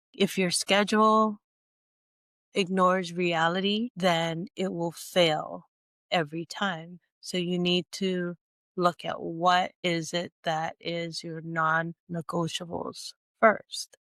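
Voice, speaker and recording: Stuffy-nosed lady coach talking slow and earnest, flat-ish voice, dry close sound. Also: fairly low pitch, dry recording. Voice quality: nasal from congestion. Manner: slow, deliberate and earnest, with many restarts. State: stuffy nose, sniffling. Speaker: speaker and coach. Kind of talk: teaching monologue.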